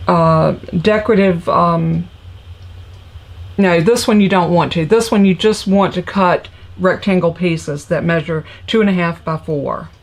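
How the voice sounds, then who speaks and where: A woman's voice: lowish voice, a little slow. Middle-aged woman, Southern North Carolina accent, folksy chatty manner, lots of ums, casual craft livestream from a home craft room. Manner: chatty, folksy, talks to viewers as y'all with many ums. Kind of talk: casual live tutorial chat.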